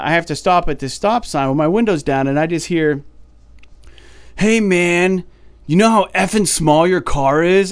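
A man co-hosting a podcast, telling a story in a casual, animated way and sounding fed up. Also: on the high side, clear, resonant tone, no echo. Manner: animated, exasperated storytelling with many fillers. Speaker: podcast co-host.

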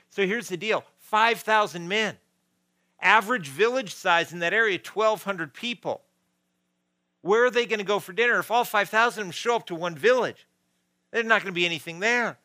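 A male pastor preaching a sermon, moving between loud emphasis and quiet, intimate stretches. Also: sits high, animated, moderate pace, dry recording, poor audio.

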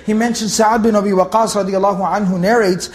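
High-voiced man teaching, echoey room. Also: fairly even intonation. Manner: explains slowly, repeats key words for emphasis. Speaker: Quran teacher. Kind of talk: Quran commentary lesson.

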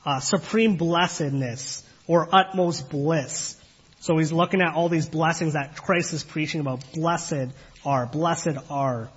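A man preaching a sermon in an earnest, measured way, asking the listeners questions and pausing often on fillers. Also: fairly high pitch, fairly bright tone, slightly rough. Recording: dull lo-fi recording.

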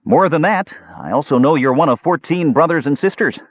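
A man's voice: mid-range voice, huge pitch swings, normal speed, husky, dry recording, pitched above the performer's own voice. A man reading an audiobook, voicing a tired, earnest male half-elf who speaks agreeably and pleadingly, on a dull, muffled recording.

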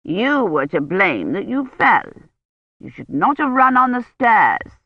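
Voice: medium pitch, sing-song, takes it slowly, slightly rough, no room sound, exaggerated voice. An audiobook narrator voicing a stern, scolding old grandmother in a reproving manner. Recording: dull, lo-fi dry recording.

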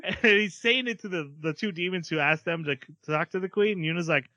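A man's voice: sits high, bright, forceful tone, no room sound. Dude recapping an anime on his podcast, laughs a lot, dry kinda muffled mic. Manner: chatty, laughs often, quickly acts out characters' lines. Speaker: podcast host. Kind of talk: casual chat recapping an anime episode.

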